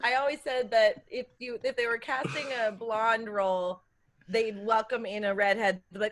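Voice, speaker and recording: A woman's voice: medium pitch, fairly even intonation, a little fast. A young adult woman co-hosting a casual whisky-tasting chat, chatty and sassy. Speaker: podcast co-host.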